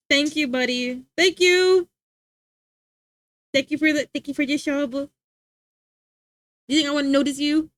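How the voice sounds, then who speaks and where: A woman's voice: sits high, moderate pace, pauses often, a bit bright, no echo. A woman livestreamer chatting casually with her viewers, giggly and full of filler words.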